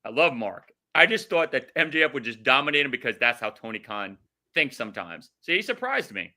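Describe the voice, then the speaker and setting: A man's voice: mid-range voice, big pitch swings, fairly quick, pushed and bright. A man talking as a podcast guest in casual chat. He stops and restarts a lot before landing his points with emphasis.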